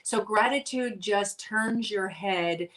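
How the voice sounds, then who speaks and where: An earnest woman shares her thoughts in an unhurried, conversational way. She fills pauses with ums and often starts her sentences over. Her voice comes across a bit far from the microphone, as on a video call. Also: medium pitch, fairly bright tone. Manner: earnest, many ums and restarts. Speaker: guest. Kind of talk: casual conversation.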